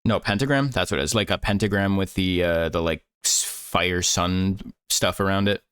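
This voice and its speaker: A man's voice: deep voice, fairly even intonation, normal speed, a bit bright, smooth. A man streaming while he draws, chatting casually, rambling and chuckling as he searches for words. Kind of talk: casual chat while drawing.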